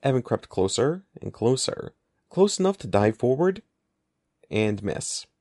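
A man narrating an audiobook in an expressive, lively storytelling manner. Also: medium pitch, unhurried, no echo, clean studio sound. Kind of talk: scripted narration.

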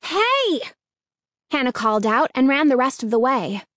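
A woman narrates a children's chapter book with steady, clear storytelling. Her voice sits a little high. The recording is dry and close. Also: a little fast, no echo. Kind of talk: scripted audiobook narration.

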